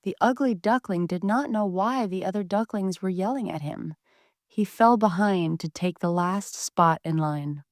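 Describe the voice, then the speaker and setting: A woman reading a bedtime story aloud in a gentle, expressive way. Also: medium pitch, moderate pace, dry recording.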